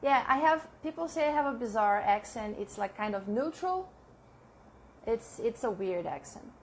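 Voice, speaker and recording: Woman teaching english live, kinda high voice, laughs a lot, faint hum behind. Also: animated. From Brazil. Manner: chatty, repeats example sentences slowly, laughs often. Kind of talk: live online English lesson.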